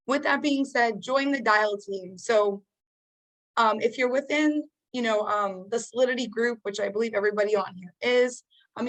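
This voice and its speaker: A woman with a slightly high voice runs a sales training session over a video call. She coaches in a casual, upbeat way, filling pauses with fillers as she explains her daily routine. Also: low-quality recording.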